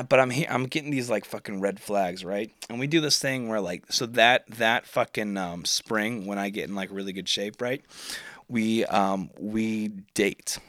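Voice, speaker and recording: A man's voice: medium pitch, pushed and bright, no room sound. A man, telling a story on his podcast in a rambling, profane, self-mocking way. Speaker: podcast host. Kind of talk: casual storytelling monologue.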